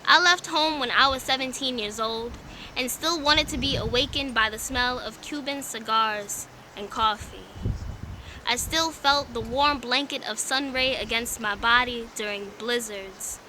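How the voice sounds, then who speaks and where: A woman's voice: a little high, measured pace, bright, forceful tone, slight background noise, low-quality recording. A woman from Tampa with a Southern accent performing spoken word poetry in a rhythmic, emphatic way, then chatting about her start. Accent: Southern US, Tampa Florida. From Tampa, Florida. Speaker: poet.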